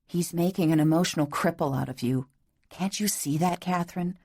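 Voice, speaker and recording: A woman reading the part of a tender, insistent young husband, speaking low in a hushed, whispering voice. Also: moderate pace. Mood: pleading.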